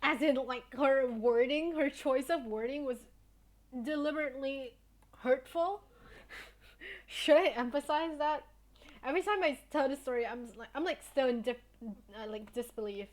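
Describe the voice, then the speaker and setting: A woman's voice: high-pitched, moderate pace. A young woman streamer chatting casually with her viewers, telling a story in a blunt, indignant way and swearing often.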